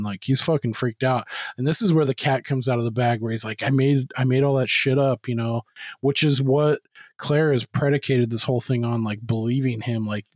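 A man's voice: medium pitch, no room sound. A man co-hosting a casual movie-review podcast, recapping a plot in a rambling, profane way and acting out quotes. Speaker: podcast co-host.

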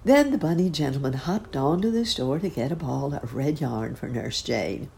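Low, gravelly woman reading a children's story. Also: expressive, moderate pace, warm tone, slight background noise.

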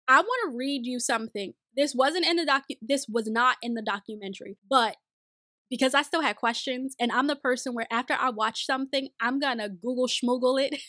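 A woman chatting casually as a video host, reviewing a documentary in an animated, talkative way. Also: high voice, no echo. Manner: animated, chatty, asks "okay?". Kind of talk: casual commentary.

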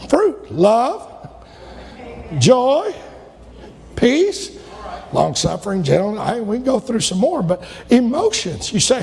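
High, gravelly-voiced preaching pastor, man. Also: wildly swooping pitch, slow, pauses often, big-room sound. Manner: preaching with loud shouted peaks and sudden drops. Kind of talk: sermon.

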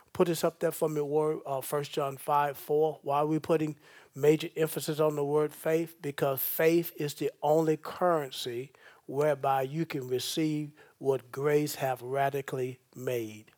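Preaching pastor with a higher voice. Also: male voice, darkish tone. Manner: call-and-response preaching, asks "okay?" and "amen?" often. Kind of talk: sermon. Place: church.

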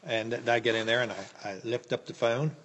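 A man's voice: medium pitch, steady tone, a little fast, a bit bright. An older American man telling personal stories in a folksy, rambling way, with many fillers and restarts. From United States. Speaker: interview guest. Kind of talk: personal storytelling. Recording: echoey room with long reverb.

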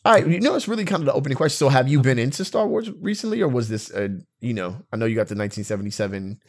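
Animated man in casual chat. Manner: animated, jumps between high and low pitch, fast asides.

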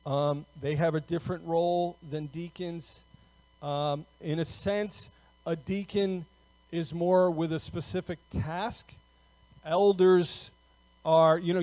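High-voiced man preaching conversationally. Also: fairly even intonation, slow pace, darkish tone, dry recording, poor audio. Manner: conversational, with frequent fillers and "okay?" check-ins. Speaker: pastor. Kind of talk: sermon.

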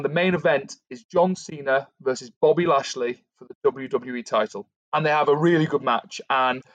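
Animated male podcaster telling a story. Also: a little high, no echo. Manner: animated, acts out quotes while retelling. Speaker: podcast co-host. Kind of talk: casual storytelling about a fantasy wrestling storyline.

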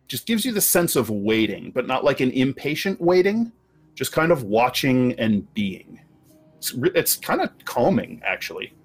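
A man narrating as game master of a tabletop game, describing scenes slowly with pauses and fillers. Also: mid-range voice, very animated, faint music behind. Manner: slow, descriptive, hesitant with fillers.

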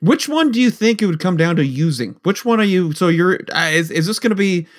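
Man reacting in a slightly high voice. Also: lively intonation. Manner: reactive, chuckling, quick interjections. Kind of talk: casual chat.

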